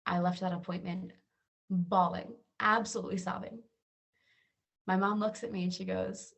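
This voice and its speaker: A woman from Georgia speaks. She tells her own story to camera in a sincere, conversational way. Her voice sits at an ordinary middle pitch. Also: fairly even intonation, moderate pace, creaky, pauses often, a bit bright. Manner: earnest storytelling, acts out quoted voices. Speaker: wellness channel host. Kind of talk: personal story told to camera.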